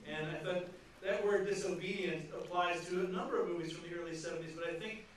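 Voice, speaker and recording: A man's voice: high voice, steady tone, quick pace, a little hiss or hum. A man moderating an onstage film discussion, speaking analytically with hesitant restarts. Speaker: moderator of a screening Q&A. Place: large theatre hall. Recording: echoey theatre from far off.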